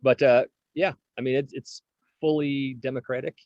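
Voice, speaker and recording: A man's voice: medium pitch, fairly even intonation, normal speed, darkish tone, no room sound, highs cut off. A man in his forties, a drummer interviewed as a guest, talking casually with lots of fillers and restarts. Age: 40s. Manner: rambling, many fillers and restarts.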